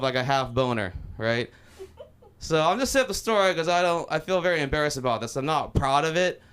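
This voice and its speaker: A young man from Los Angeles works through an open mic stand-up set in a small club. His voice sits a little high and comes through smooth and clean. He rambles loosely, piles on the profanity, and keeps circling back into his stories. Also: fairly bright tone. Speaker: stand-up comedian.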